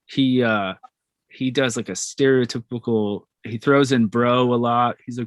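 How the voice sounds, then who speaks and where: A man's voice: medium pitch, steady tone, a little slow, no echo. A man hosting a casual podcast interview, asking chatty questions in an upbeat, friendly way. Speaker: podcast host.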